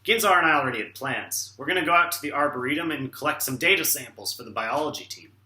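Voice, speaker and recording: A man's voice: on the high side, expressive, fast talker, pushed and bright, roomy sound. A young man playing a nerdy, earnest teenage son who speaks hesitantly and politely. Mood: pleading.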